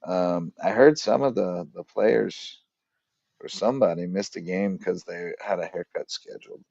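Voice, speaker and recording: A man's voice: low-pitched, measured pace, gravelly, warm tone, no room sound, lo-fi sound. A man hosting a casual sports podcast, telling stories and reading sponsor plugs in a chatty, joking way. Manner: chatty storyteller, jokey, reels off sponsor plugs. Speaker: podcast host.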